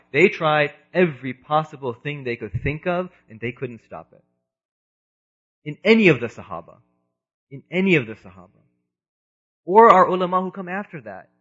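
A man in his thirties giving an earnest religious lecture, moving between loud emphasis and quiet asides, in a dull lo-fi recording. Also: fairly high pitch, breathy edge. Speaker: preacher.

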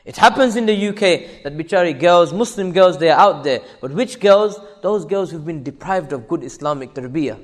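A man's voice: fairly high pitch, expressive, normal speed, few pauses, in a large hall. A male preacher giving an impassioned sermon to women, hammering home repeated rhetorical questions. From United Kingdom.

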